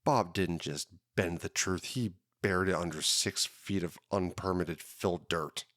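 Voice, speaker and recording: A man hosting a podcast, telling his own story in a dramatic, drawn-out hardboiled detective style. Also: low voice, a bit bright, no room sound, clean studio sound. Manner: dramatic, drawn-out noir delivery. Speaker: podcast host.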